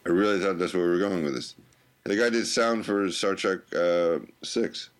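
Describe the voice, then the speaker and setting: A man co-hosting a casual comedy podcast, rambling and joking in a deadpan way. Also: sits low, moderate pace. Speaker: podcast co-host.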